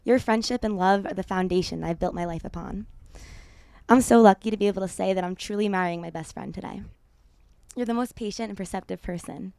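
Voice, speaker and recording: Young American bride reading her vows, gravelly and teary, close dry mic. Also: medium pitch, brisk, warm tone, no room sound. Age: young adult. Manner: tender, emotional reading.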